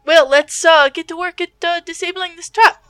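A woman chats as a player in a tabletop game, sleepy yet playful. Her voice is high, and the sound is dry and close. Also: steady tone, moderate pace, bright, forceful tone, no room sound. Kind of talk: casual chat at a tabletop game.

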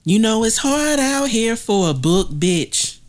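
A woman's voice: a little high, sing-song, slow pace. A woman co-hosting a casual comedy podcast, tossing in short dry quips and laughing. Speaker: podcast co-host.

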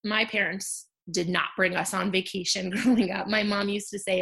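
A woman in her thirties telling a personal story in a candid, conversational way, with fillers and soft laughs. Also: mid-range voice, flat delivery, moderate pace, gravelly. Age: 30s. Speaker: storyteller sharing a personal loss.

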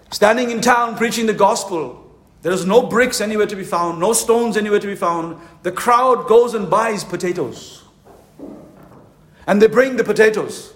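A male pastor with a fairly high voice delivers a fervent sermon at a conference. He leans hard on slow, emphatic phrases. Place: conference hall.

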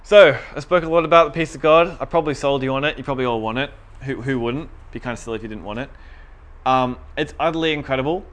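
Young male preacher, casual talk, animated quoting, mid-range voice. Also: mid-range voice, fast talker. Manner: conversational, animated retellings with quoted voices. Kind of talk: casual sermon.

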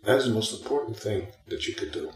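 A man's voice: lowish voice, fast talker, echoey room, poor audio. An older man, a former teacher, telling a story in an interview and acting out the voices of everyone in it. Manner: animated, acts out both sides of dialogue. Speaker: retired professor and guest.

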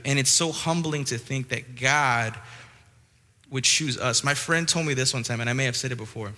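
A young man preaching to a church youth group. He is animated and joking, with restarts. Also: mid-range voice, in a large hall. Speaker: youth pastor. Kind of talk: youth sermon with storytelling. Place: church hall.

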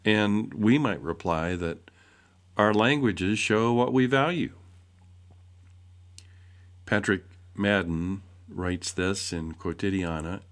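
A man reading a devotional essay aloud in a measured way, posing rhetorical questions. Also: on the low side, lively intonation. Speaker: essay reader.

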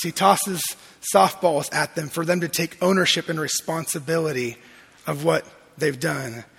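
A man preaching a sermon, animated and often checking in with the room by asking "right?" while acting out quoted lines. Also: high-pitched, gravelly, slightly rough, long reverb tail. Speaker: pastor.

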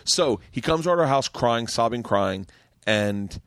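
A man, a comedian, telling a long story in casual podcast chat, swearing freely and getting animated. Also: mid-range voice, moderate pace, dry recording, clean studio sound. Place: podcast studio.

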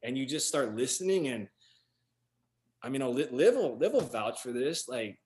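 A man, an actor guest, telling lively anecdotes in casual chat, slangy and full of "you know" and "man". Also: mid-range voice, moderate pace. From US, San Francisco Bay Area.

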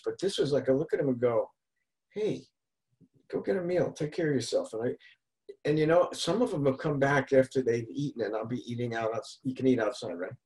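A male podcast host talks in loose, rambling conversation, often restarting his sentences. His voice sits at an ordinary middle pitch for a man. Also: a little mellow, low-quality recording. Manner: rambling, restarts, retells street encounters. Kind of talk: casual chat.

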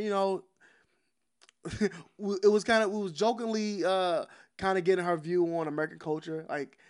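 A man's voice: fairly high pitch, clear, resonant tone. A man, co-hosting a podcast in casual chat, telling laid-back, slangy stories and laughing often. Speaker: podcast co-host.

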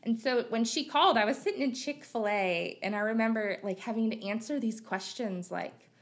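Creaky-voiced woman from Missouri, candid. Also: a little high, moderate pace. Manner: open and reflective, with frequent fillers. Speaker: podcast guest. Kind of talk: candid conversational interview.

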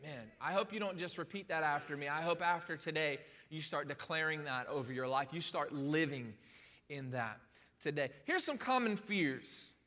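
A high, bright male voice belongs to a pastor giving a loose, conversational sermon to his congregation. He jokes, stumbles and restarts, then presses into emphatic calls. The sound carries a long church-hall reverb. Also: moderate pace. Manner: chatty and joking, with many restarts, building to emphatic calls.

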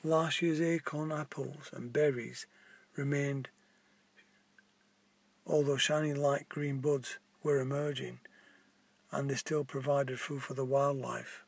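Husky-voiced man reading a story. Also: medium pitch, little pitch movement, dry recording. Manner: plain, halting reading with small restarts.

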